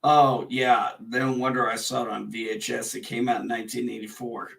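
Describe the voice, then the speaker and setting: A man's voice: medium pitch, little pitch movement, normal speed, creaky, a bit bright, distant mic. A man co-hosting a casual movie chat, rambling with lots of fillers and laughing easily. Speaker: movie review podcast co-host.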